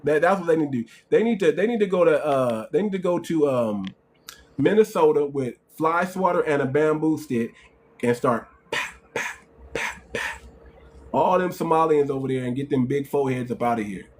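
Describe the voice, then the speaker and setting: A man's voice: fairly high pitch, animated, brisk, a little mellow, a little hiss or hum. A man hosting a live call-in stream, talking in a mocking, repetitive way and repeating himself often. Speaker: host.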